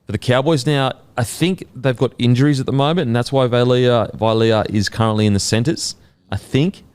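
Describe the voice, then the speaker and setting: A man with an Australian accent hosting a casual sports podcast, animated and swearing, full of fillers. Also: medium pitch, moderate pace, smooth. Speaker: podcast host.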